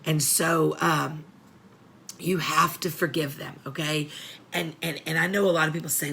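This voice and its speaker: A woman's voice: low-pitched, a little slow, gravelly, pushed and bright, slight background noise. A middle-aged woman hosting a support show for families of prisoners, talking earnestly and getting choked up as she repeats her points. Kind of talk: heartfelt advice talk.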